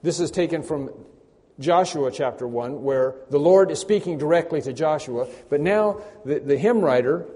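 A man's voice: a little high, lively intonation, moderate pace, warm tone. A man preaching a sermon, emphatic and building to a raised voice at key points. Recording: long hall reverb.

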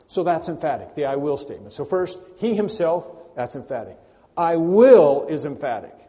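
A man's voice: on the high side, very animated, fairly quick, warm tone. A male pastor preaching a sermon, stressing and repeating key phrases with rising force. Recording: long hall reverb.

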